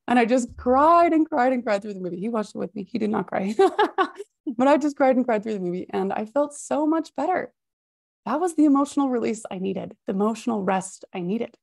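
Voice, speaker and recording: A woman hosting a healthy-habits podcast, giving expressive, high-energy motivational advice with emphatic repetition. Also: normal speed, creaky. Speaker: podcast host and habits coach. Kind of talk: motivational self-help talk.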